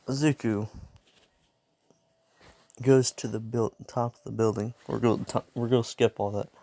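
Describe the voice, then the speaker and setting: A young man spins a fan story off the cuff, rambling and cutting himself off to laugh at his own asides. His voice is gravelly and his delivery slow and unhurried, recorded close and dry with no room sound. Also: medium pitch, fairly even intonation, mellow, no room sound. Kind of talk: casual improvised fan story narration.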